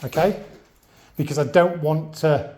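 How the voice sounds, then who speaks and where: A man working as a dog trainer, calmly explaining a training demonstration and switching to high, upbeat praise for the dog. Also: normal speed.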